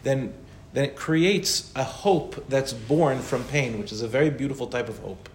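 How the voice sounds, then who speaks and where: A male rabbi answers questions in an informal Torah class, speaking at normal speed in a mid pitch with a chatty, conversational teaching tone and Hebrew and Yiddish terms. The room is echoey, with a faint hiss in the background.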